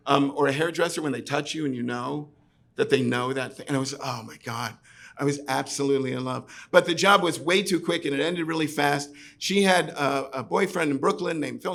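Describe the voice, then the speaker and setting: Man from New York, live storyteller, gravelly and a bit high, rambling chatty delivery. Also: fairly bright tone. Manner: chatty, full of fillers like "like" and "right". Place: pub stage.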